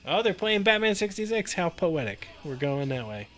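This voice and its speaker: A man's voice: sits high, big pitch swings, moderate pace, over music. A man hosting a live pinball stream, chatting casually with viewers, laughing often as he plays. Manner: chatty, laughs often, talks to chat while playing.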